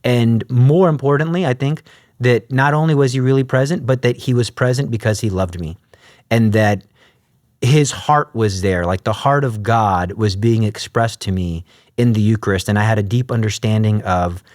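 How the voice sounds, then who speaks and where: A man's voice: mid-range voice, normal speed, no echo, clean studio sound. A man telling his story as an interview guest, acting out the voices of the people in it. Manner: animated, acts out quoted voices. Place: podcast studio.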